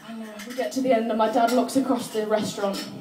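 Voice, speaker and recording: A woman with a high voice performs stand-up at a live venue, laughing often between lines. Her voice carries in an echoey room and sounds distant from the microphone. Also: fairly even intonation, fast talker, noisy background. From England. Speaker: stand-up comedian. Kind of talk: stand-up comedy set.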